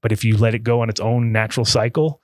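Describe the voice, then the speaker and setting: A man's voice: fairly low pitch, little pitch movement, fast talker, darkish tone, no room sound. A man telling a long story as a podcast guest in a casual, rambling way, swearing freely and stopping to act out what other people said. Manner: rambling, profane, acts out other people's lines.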